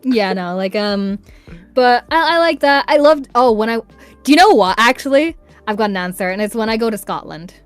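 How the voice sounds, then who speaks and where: A woman's voice: a little high, normal speed, no echo, faint music behind. Chatty Northern Irish woman. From Northern Ireland. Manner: chatty, animated, laughs often. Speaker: voice actor guest. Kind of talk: casual chat on a livestream.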